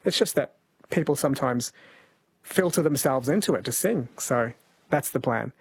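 A New man hosting a radio quiz, chatty and quick to laugh as he reads listener texts. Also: medium pitch, animated, a little mellow, slightly rough, no room sound. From New Zealand. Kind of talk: casual radio chat. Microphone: studio microphone.

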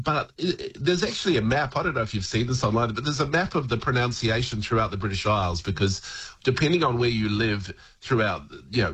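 A man's voice: mid-range voice, a bit bright, husky. A man talking casually as a language expert guest on a radio show, chatty and laughing. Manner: chatty, laughing, frequent restarts.

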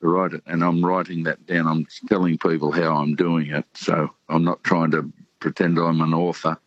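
Calling in to a radio show, an Australian man in his sixties rambles through a casual phone chat with lots of pauses and ums. His very deep, laid-back voice has a flat delivery with no echo, and the phone line sounds dull and muffled.

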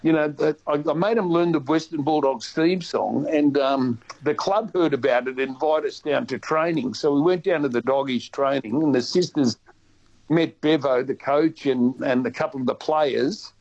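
An Australian man chatting on the radio, with a slightly high voice that keeps restarting its sentences in lively bursts. The sound is dull and lo-fi. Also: normal speed. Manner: chatty and animated, with many restarts. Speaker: guest. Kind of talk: casual radio chat.

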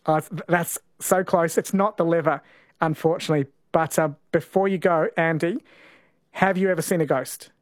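A talkback radio host, a man with a slightly high voice, keeps things loose and playful as he quizzes callers. He talks into a studio mic that sounds close and dry. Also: fairly even intonation, moderate pace, no room sound. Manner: playful, chatty, laughs easily. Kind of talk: talkback radio chat and quiz.

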